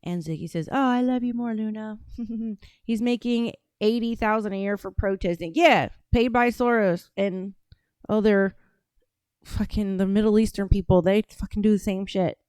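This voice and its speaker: A woman's voice: mid-range voice, fairly even intonation, normal speed, darkish tone, clear, resonant tone, no room sound. A woman from Atlanta hosting a podcast, talking casually and bluntly with lots of profanity while reacting to clips. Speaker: podcast host. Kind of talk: casual commentary on played clips.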